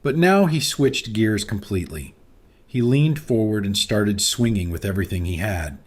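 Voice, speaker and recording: A man's voice: lowish voice, expressive, moderate pace. A man narrating a scripted story in a dramatic, suspenseful manner.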